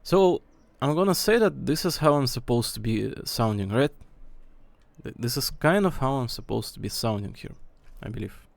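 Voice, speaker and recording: A man's voice: medium pitch, lively intonation, moderate pace, creaky, no echo. A man streaming from home, thinking aloud as he checks how his microphone sounds at different distances. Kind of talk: casual mic-check rambling. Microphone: desk mic, moving nearer and farther.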